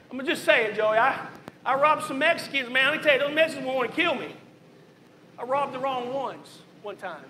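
A man's voice: very high-pitched, pushed and bright, echoey room, a little hiss or hum, rough recording. A man pastor giving a candid testimony sermon, telling his life story in a conversational way, full of asides. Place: church sanctuary.

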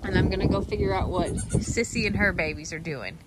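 A woman's voice: medium pitch, fairly quick, very noisy. A woman vlogging outdoors on a farm, chatting casually and cooing at her goats, with frequent laughter. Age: adult, working a day job. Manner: coos and baby-talks to goats, laughing often. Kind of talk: casual vlog narration.

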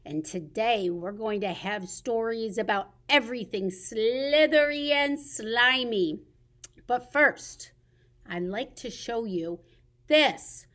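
Woman librarian hosting baby storytime; bright high pitch, slow deliberate delivery, songs and stretches. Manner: slow, sing-song and animated for babies. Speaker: children's librarian.

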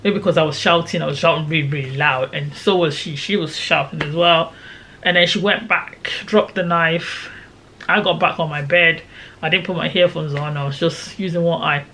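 A woman's voice: low voice, moderate pace, a little hiss or hum. A young woman, dramatically retelling a personal story in a casual vlog. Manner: animated, dramatic retelling with quoted shouts. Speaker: storyteller vlogger.

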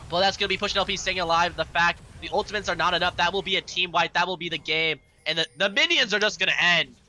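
A man with a hoarse voice casting esports play-by-play with excitable energy, coughing now and then. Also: high-pitched, quick pace, hardly any pauses, a little hiss or hum. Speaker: esports caster. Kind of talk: live esports commentary.

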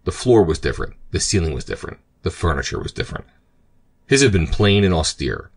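A man narrating an audiobook in a steady, measured way. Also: deep voice.

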